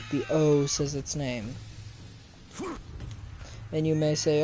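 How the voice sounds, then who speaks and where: A man's voice: a little high, fairly even intonation, slow pace, pauses often, warm tone, slight background noise. A young man giving casual let's-play commentary, chatting and joking with his viewers as he plays. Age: young adult. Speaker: gaming youtuber.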